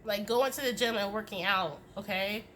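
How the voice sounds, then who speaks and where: Speaking to camera as a tarot reader, a young woman offers a casual, tough-love pep talk, emphatic and full of swearing and repeated "okay?" tags. Her mid-range voice is fairly bright at a normal speed, with a little hiss or hum in the recording.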